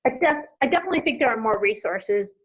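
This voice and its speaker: A woman who runs an apparel company tells business stories in a conversational interview, giving animated anecdotes and acting out lively quoted voices. She talks fast in a husky, slightly high voice, and the audio is dull and lo-fi.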